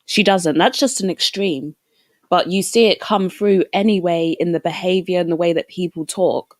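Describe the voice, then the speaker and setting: Woman on a stream talking it out, steady and sure of herself, lowish voice, dry sound. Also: moderate pace, dry recording. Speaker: guest. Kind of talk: casual debate on a livestream.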